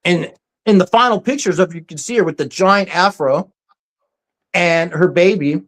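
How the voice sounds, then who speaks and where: A presenter giving a casual, story-driven talk over slides, often pausing with "um" and acting out quoted speech. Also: mid-range voice, fairly bright tone. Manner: frequent ums and restarts.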